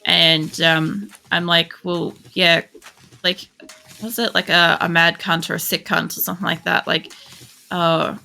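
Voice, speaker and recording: A woman's voice: lowish voice, level tone, unhurried, vocal fry, sharp tone. An Australian woman streaming a game, chatting in a rambling, casual way and swearing freely. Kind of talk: casual chat while playing. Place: home computer setup.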